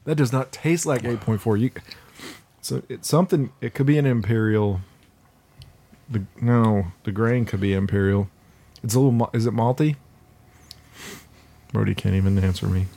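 Podcast co-host, male, low and mellow, loose rambling banter, laughs a lot. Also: moderate pace, vocal fry, long pauses. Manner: joking, rambling, laughs often. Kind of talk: casual chat while tasting beer.

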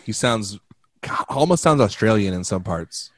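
A man co-hosting a casual podcast chat who laughs often and lets his sentences fade off quietly. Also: on the low side, expressive, normal speed, dry recording. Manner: laughs often, trails off quietly at the ends of phrases. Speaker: podcast co-host.

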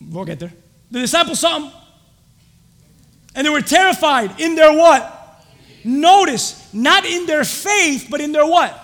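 A young adult man preaching a sermon, quizzing the congregation with fill-in-the-blank questions and rising to shouts. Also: very high voice, sing-song, a little slow, long pauses, in a large hall. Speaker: pastor.

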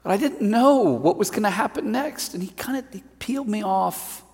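Preacher putting on peter the apostle, awed and humbled, talking fast and excited, bit husky, big echoey hall. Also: male voice, high-pitched, voice pushed up, full character voice. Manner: earnest first-person retelling, excitable.

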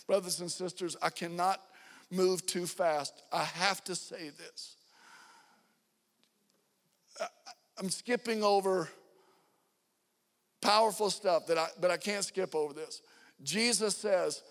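Fervent pastor preaching in a reverberant hall. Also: male voice, fairly high pitch, moderate pace. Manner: preaching with fervent emphasis, rising loud on key lines. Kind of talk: sermon. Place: church sanctuary.

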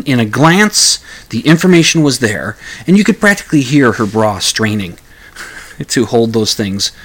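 On a talk radio show, the male host rambles through a story, stammering into restarts and chuckling in asides. He acts out quoted lines in a raised voice, his mid-range tone a bit bright and husky.

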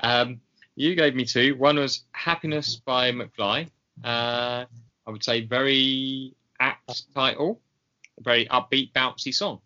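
A man co-hosting a podcast in casual chat, slow and hesitant with many ums and pauses. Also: mid-range voice, fairly even intonation, sharp tone, muffled recording. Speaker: podcast co-host.

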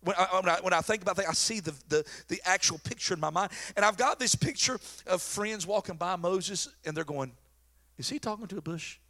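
A middle-aged pastor preaches with a bright, forceful edge to his voice. He tells stories and jokes in a folksy, animated way. His voice sits high for a man. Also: brisk, hardly any pauses. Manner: folksy, joking, animated storyteller. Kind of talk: sermon.

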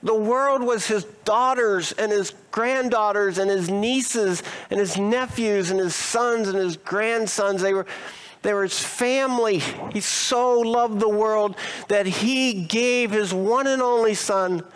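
High-voiced, smooth-toned male pastor preaching. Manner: expressive preaching with rhetorical questions and dramatic slowing. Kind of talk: sermon.

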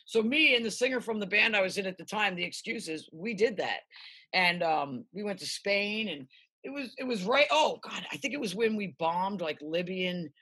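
Her voice is medium in pitch and slightly rough, and she keeps a moderate pace. This middle-aged U.S. musician rambles through lively anecdotes in a relaxed interview, cursing without restraint.

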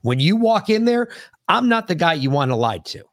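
A man co-hosting a podcast, his voice pitched a little high and set in a dry, close sound. He tells long stories in a loose, profane way and jumps in to correct his co-host. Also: moderate pace, dry recording. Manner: animated, profane storyteller who cuts in to correct. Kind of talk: casual storytelling chat.

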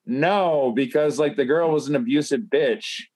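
A man's voice: a little high, a little slow, darkish tone. Rambling, profane man telling a story. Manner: rambling, profane, many fillers. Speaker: guest. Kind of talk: casual storytelling.

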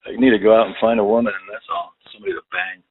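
A man's voice: on the low side, very fast, a crowd in the background. A middle-aged man on a phone chatline, swearing constantly and rambling about his loneliness. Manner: crude, swears a lot, rambling and self-pitying. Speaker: caller. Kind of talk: casual chat. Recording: tinny phone line.

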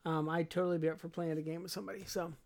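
A woman's voice: on the low side, flat delivery, rapid-fire. A woman co-hosting a podcast in casual chat, rambling enthusiastically and leaning heavily on filler words. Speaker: podcast co-host.

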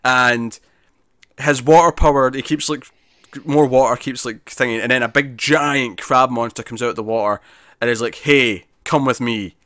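A man chatting casually as a podcast co-host, recapping at length with lots of "like" and "uh" and frequent restarts. His voice sits at an ordinary middle pitch. It is recorded close and dry, with no room sound. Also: fairly even intonation, normal speed, a bit bright, dry recording. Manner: rambling, lots of fillers and restarts. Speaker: podcast co-host reviewing comics. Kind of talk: casual chat.

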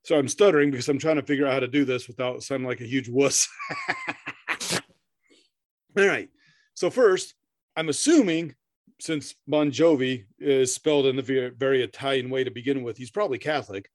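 A man's voice: medium pitch, moderate pace, long pauses, no echo, studio quality. A middle-aged man co-hosting a podcast in casual chat, rambling, swearing freely, laughing often and stammering through restarts. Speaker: podcast co-host.

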